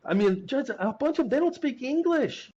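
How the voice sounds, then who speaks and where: A man's voice: very high-pitched, normal speed, husky, muffled recording. A man, an accountant guest on an interview show, telling a story with restarts and acted-out quotes. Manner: animated anecdotes with frequent restarts and acted-out quotes. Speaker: CPA guest.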